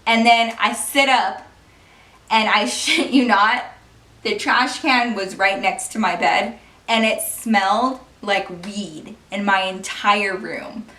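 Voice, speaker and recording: A young woman vlogger telling a personal story in a casual, animated way, swearing and laughing often. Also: medium pitch, slow pace. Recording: roomy, distant from the mic.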